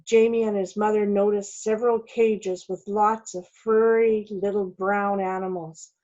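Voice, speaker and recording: A woman reading a children's storybook aloud at a slow, careful pace. Her voice sits in a middle pitch, and the recording sounds dull and lo-fi. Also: flat delivery, warm tone.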